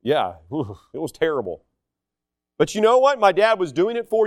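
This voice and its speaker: A man preaching a sermon, telling stories in an animated, self-deprecating way. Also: high voice, normal speed, no room sound, studio quality.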